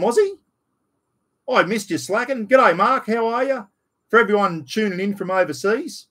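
Australian man, middle-aged, blunt rambling chat, slightly raised pitch. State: slight cough after illness. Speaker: livestream host. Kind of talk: casual live-stream chat.

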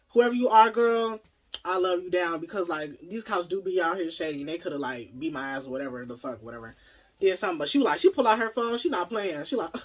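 Young adult storytime vlogger, kinda husky, super dramatic and cussing a lot. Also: mid-range voice. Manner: animated, profane, dramatic storytelling. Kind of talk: casual storytime vlog.

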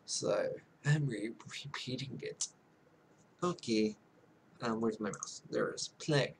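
A man casually commentating a game he is playing, soft-spoken and rambling, making fun of himself. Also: mid-range voice, slow, vocal fry, a little hiss or hum. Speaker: gaming YouTuber. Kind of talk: casual let's-play commentary.

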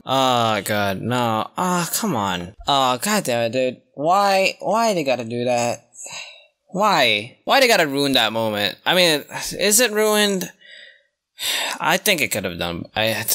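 A man hosting an anime reaction video, talking casually with lots of slang and breaking into sudden high yelps and gasps. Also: pushed and bright. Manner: casual slangy talk with many restarts. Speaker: anime reaction channel host. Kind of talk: live reaction commentary.

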